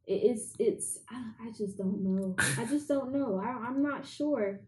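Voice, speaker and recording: A woman from England with a fairly high voice talks in a diplomatic, hesitant, casual way. The recording has an echoey, roomy sound. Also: unhurried, noisy background. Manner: diplomatic, hesitant, easily laughing. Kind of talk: casual chat.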